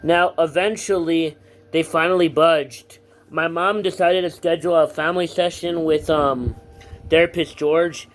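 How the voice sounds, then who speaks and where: Teen guy ranting to his camera, kinda high voice, lots of ums, swears a ton, little hiss in the back. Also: fairly even intonation, a little slow. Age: teens. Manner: rambling with many fillers, blunt and profane. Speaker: vlogger. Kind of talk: casual storytelling to camera.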